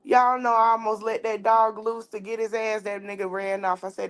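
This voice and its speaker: Outspoken thirties woman, podcast host, animated storyteller. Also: medium pitch, a little fast, few pauses. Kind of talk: candid casual commentary and storytelling.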